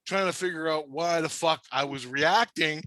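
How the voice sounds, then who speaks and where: A high-pitched man rambles through a story with constant swearing. His voice is bright and edgy, and it sounds close and dry over a video call. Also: moderate pace, no echo. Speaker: storyteller in a conversation. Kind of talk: casual profane storytelling.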